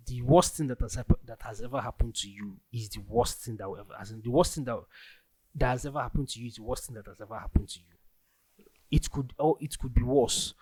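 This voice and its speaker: This is a young male podcast host with a Nigerian accent, speaking in a loose, rambling way full of restarts and filler words such as "like." The casual solo show is recorded dry, and his medium-pitched voice sounds a little mellow.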